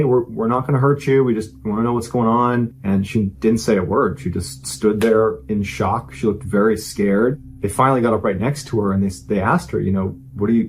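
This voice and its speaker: Deep-voiced man telling a true horror story. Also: darkish tone, rough recording. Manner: conversational, earnest, uses "you know" fillers. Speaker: storyteller host.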